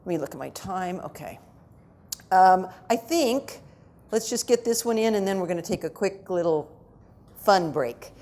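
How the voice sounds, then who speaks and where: A middle-aged woman giving a conversational lecture to parents at a conference, with lively asides to the audience. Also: fairly low pitch, moderate pace. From United States. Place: conference hall.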